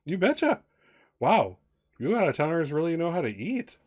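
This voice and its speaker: A man voicing a curious, chatty small-town diner waitress in a high, folksy voice. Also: very animated, moderate pace, darkish tone, breathy edge, heavily acted. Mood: impressed. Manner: folksy, eager, high-pitched.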